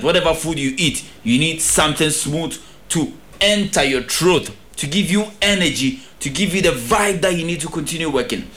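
A man's voice: fairly high pitch, animated, moderate pace, sharp tone. A young Ghanaian man presenting a radio sports update, reading an ad with playful, upbeat salesman patter and plenty of repetition.

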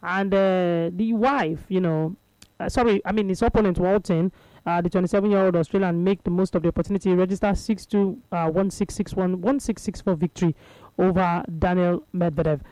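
A woman's voice: lowish voice, fairly even intonation, fairly quick, mellow, no echo, rough recording. A woman with a Nigerian accent hosting a casual radio sports show, chatty and laughing, slipping into Pidgin with many fillers.

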